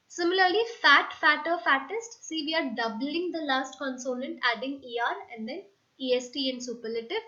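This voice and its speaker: A woman's voice: high-pitched, a bit bright. A woman, teaching a grammar lesson patiently, step by step, spelling out letters. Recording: dull lo-fi recording.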